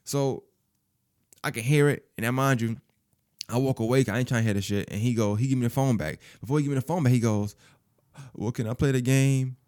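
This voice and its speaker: A man's voice: mid-range voice, very fast. A man telling a personal story in casual, profane speech, acting out other people's lines as he goes. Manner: animated, profane, acts out quoted voices.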